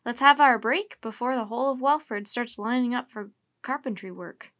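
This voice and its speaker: A woman's voice: a little high, normal speed, a bit bright, close to an everyday voice. A woman reading aloud voices a kindly, good-humored retired grandfather with a wry touch.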